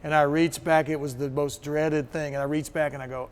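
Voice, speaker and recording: A man's voice: on the high side, fairly quick, smooth. A middle-aged man from Kentucky, a guest musician, telling stories in a casual interview and acting out the voices of the people in them. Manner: animated anecdotes, acts out quoted voices.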